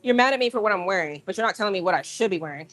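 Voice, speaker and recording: A woman hosting a casual livestream from a gym, talking straight to her viewers in an animated, rambling way. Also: medium pitch, very fast. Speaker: livestream host. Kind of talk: casual live-stream chat.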